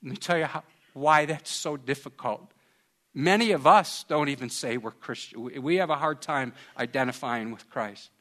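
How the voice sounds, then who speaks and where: A man preaching a sermon in an earnest tone, moving from hushed passages to loud, raised ones. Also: mid-range voice, normal speed. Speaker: pastor.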